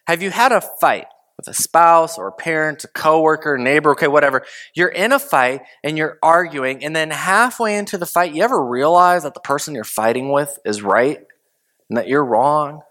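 A male pastor delivers a conversational sermon at normal speed, posing rhetorical questions. He's animated, swinging between loud emphasis and hushed, low asides.

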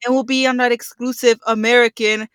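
A woman's voice: fairly high pitch, little pitch movement, a little fast, fairly bright tone, clear, resonant tone, dry recording, clean studio sound. Easygoing young woman. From Texas. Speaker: podcast co-host. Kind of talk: casual chat.

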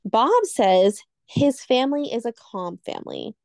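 A woman's voice: fairly high pitch, very animated, darkish tone, no room sound. Woman, podcast co-host, rambling storyteller, dry close sound. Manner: rambling, loses her train of thought, quick asides. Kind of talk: casual chat, telling a scary story.

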